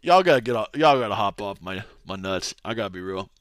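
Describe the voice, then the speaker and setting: A man's voice: fairly low pitch, animated, fast talker, background noise. A young man streaming and chatting casually, rambling loosely with lots of filler words and slang. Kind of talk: casual livestream rant.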